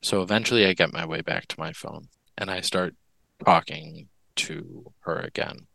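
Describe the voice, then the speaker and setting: Podcast guest, male, deep creaky voice with a bright edge, candid storytelling. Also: steady tone, no room sound, low-quality recording. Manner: earnest and candid, with halting restarts. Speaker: interview guest. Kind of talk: personal storytelling in a podcast interview.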